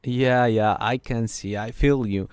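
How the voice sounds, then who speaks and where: Male host, smooth clear voice, dry close sound, chatty, lots of fillers. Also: medium pitch, fairly even intonation, unhurried, a little mellow, dry recording. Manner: chatty, peppers questions with fillers. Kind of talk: casual interview chat.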